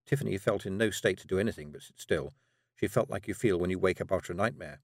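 A man reading a fantasy novel aloud as an audiobook narrator, measured and drily humorous. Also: sits low, dry recording, studio quality.

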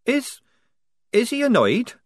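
A man's voice: sits high, sing-song, normal speed, fairly bright tone, dry recording, studio quality, pitched above the performer's own voice. A man voicing a young woman disguised as a soldier, speaking tense and quavering.

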